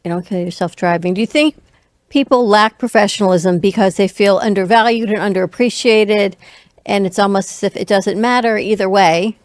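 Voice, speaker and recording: Woman, co-host, measured, asks questions, dry sound. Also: medium pitch, no echo. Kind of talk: casual chat.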